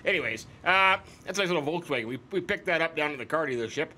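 A man's voice: fairly high pitch, lively intonation, quick pace, sharp tone. A man hosting a farming game let's play, chatting in a goofy, rambling way and repeating words for fun. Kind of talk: casual gameplay commentary.

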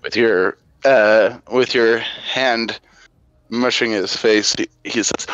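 A man narrating as game master of a tabletop game, with a hesitant, measured delivery. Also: lowish voice, fairly even intonation, a bit bright, no echo.

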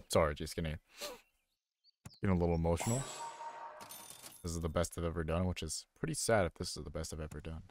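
A young man casually commenting on his own video game stream, rambling and poking fun at himself as he thinks aloud into a desk microphone. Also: deep voice. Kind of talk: casual live gameplay commentary.

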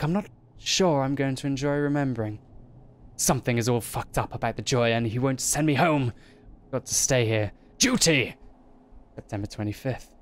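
A man's voice: mid-range voice, lightly acted. A man reading aloud as a paranoid male diarist who is losing his grip, muttering his suspicions.

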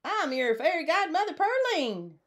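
A woman voicing a very old, bossy female possum who is a fairy godmother, talking in a brash, high voice. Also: very animated, moderate pace. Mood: proud.

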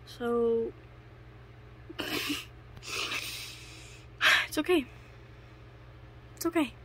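A woman's voice: a little high, extremely slow, a little hiss or hum. A young woman vlogging casually from home while sick, rambling and correcting herself as she talks. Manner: rambling, self-correcting, filler-heavy. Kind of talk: casual vlog chat.

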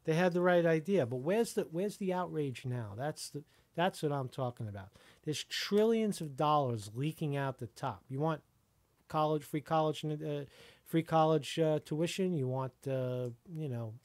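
A man's voice: fairly high pitch, expressive, a little slow, a little mellow, no room sound. A middle-aged American man, a YouTube reporter, ranting angrily to the camera and tagging his points with "right?". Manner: angry, rhetorical, repeats "right?".

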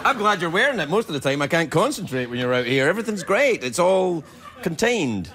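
Teasing Scottish talk show host, lively pitch. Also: male voice, a crowd in the background. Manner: teasing, playful, quick asides. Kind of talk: joking studio banter. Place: TV studio with live audience.

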